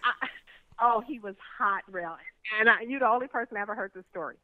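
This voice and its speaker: A woman guest telling candid stories with a blunt, lively manner, often laughing, heard over a phone call. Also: fairly high pitch, a little fast, no room sound. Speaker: interview guest. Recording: tinny phone line.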